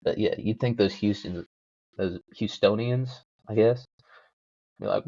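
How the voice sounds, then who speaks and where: A man's voice: lowish voice, measured pace, vocal fry, dark tone, no echo, highs cut off. A young man hosting a solo podcast, rambling casually with lots of swearing and self-mocking jokes. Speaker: podcast host.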